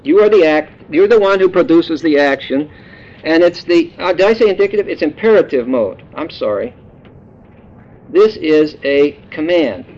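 A man's voice: a little high, expressive, moderate pace, darkish tone. A man preaching a sermon, explaining words in a folksy, joking teaching manner. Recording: dull lo-fi sound.

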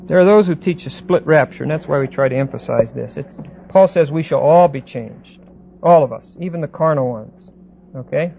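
A man lecturing a Bible class, pausing and repeating words and often checking that students follow. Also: mid-range voice, vocal fry. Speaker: Bible teacher. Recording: dull lo-fi recording with faint hiss.

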